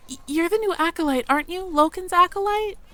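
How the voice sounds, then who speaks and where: A woman's voice: very high-pitched, a little fast, a bit bright, dry recording, pitched above the performer's own voice. A woman voicing a shy, nervous young female mouse villager in a game, stammering and apologizing. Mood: timid, flustered.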